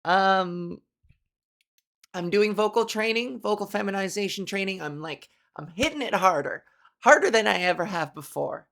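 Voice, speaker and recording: A woman's voice: mid-range voice, expressive, brisk, vocal fry, fairly bright tone. A woman comedian hosting her own podcast, talking in a playful, rambling monologue full of crude jokes.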